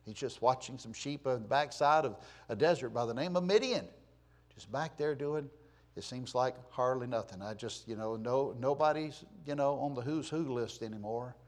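A man preaching a sermon, reading scripture loudly and with emphasis, then dropping to quiet, plainspoken asides. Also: mid-range voice, normal speed.

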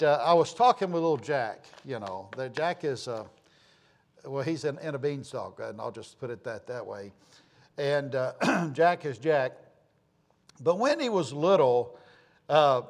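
A man pastor telling folksy stories and announcements in church, rambling with many fillers and restarts. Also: fairly high pitch. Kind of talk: informal sermon announcements and storytelling.

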